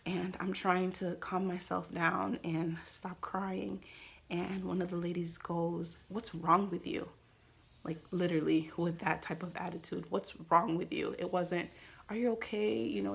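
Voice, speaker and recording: A woman vlogger with a fairly low, creaky, husky voice shares tips for coping with pregnancy. She tells a personal story candidly and confidingly, often quoting what people said to her, with soft trailing phrases.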